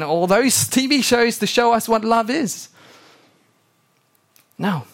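Animated young male preacher. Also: high-pitched, measured pace, long pauses. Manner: animated storytelling, acting out quotes. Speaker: pastor. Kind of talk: sermon.

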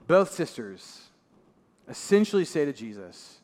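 Male pastor, slightly higher voice, conversational sermon, long hall reverb. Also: expressive, moderate pace. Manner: conversational preaching, voice drops low and soft for emphasis.

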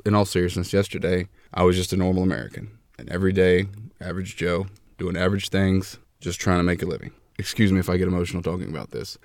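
Deep-voiced man hosting a rambling podcast. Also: no room sound, studio quality. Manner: mock-grandiose, rambling with fillers. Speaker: podcast host. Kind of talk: comedic podcast chat. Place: closet.

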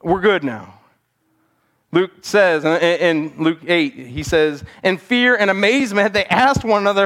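A man preaching a sermon as pastor, earnest, sometimes acting out scenes with animated quoted voices, in a church sanctuary. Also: high-pitched, measured pace.

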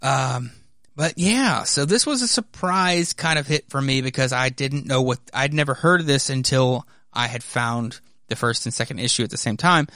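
A man's voice: mid-range voice, moderate pace, bright, forceful tone, dry recording, studio quality. A man hosting a casual comic book podcast, narrating and chatting in a loose, rambling way. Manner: rambling, loose, many fillers and restarts. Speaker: podcast host.

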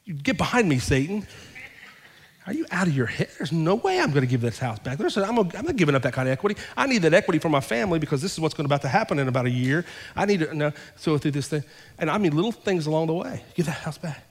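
A man's voice: fairly high pitch, big pitch swings, rapid-fire, hardly any pauses. Man, pastor, sermon, storytelling with acted-out dialogue, rising fervor, long hall reverb. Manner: storytelling, acting out both sides of conversations; builds to loud, fervent preaching.

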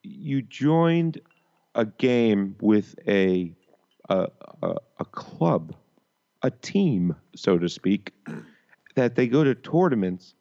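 Gravelly low-voiced man, dull lo-fi sound. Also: big pitch swings, very slow, warm tone. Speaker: podcast co-host. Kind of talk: casual podcast chat.

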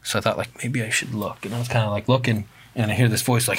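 A man's voice: lowish voice, rapid-fire, few pauses, husky. A man telling a long story in casual chat, loose and profane, and livelier when he acts out other people's lines. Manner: casual, swearing, animated when quoting others.

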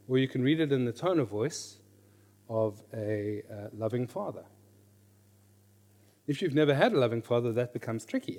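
Man, middle-aged, Bible teacher, lively class talk, mid-pitched voice, questions the room, repeats key lines. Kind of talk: teaching a class on reading scripture.

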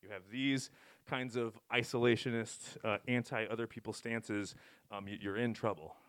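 A man's voice: lowish voice, moderate pace. Rambling, wry man preaching a casual sermon. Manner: rambling, self-interrupting, wry and animated. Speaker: pastor.

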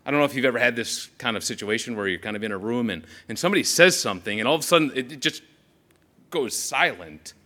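A man as an earnest, awestruck young disciple recounting what he saw, in a first-person sermon monologue. His voice sits at an ordinary pitch but swings widely and expressively as he tells it. He talks straight to the listeners, as if they were beside him on the road. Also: fast talker. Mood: sobering. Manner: animated storytelling, speaks straight to the listeners. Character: earnest young male follower of Jesus, awestruck. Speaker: preacher in character.

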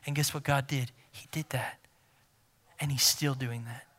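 A man preaching a sermon as pastor, emphatic and repeating key phrases, swinging from loud to near-whisper. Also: mid-range voice, steady tone, unhurried.

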